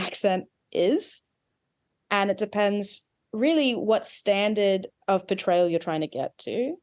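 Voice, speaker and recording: Australian-accented woman coach, animated, quick asides, podcast guest. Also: medium pitch. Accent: Australian with some American influence. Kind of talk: podcast interview.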